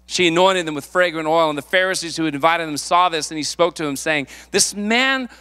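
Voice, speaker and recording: A male pastor preaching a sermon, lively and playful, acting out the people in the story. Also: on the high side, a little fast, smooth. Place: church sanctuary. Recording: long hall reverb.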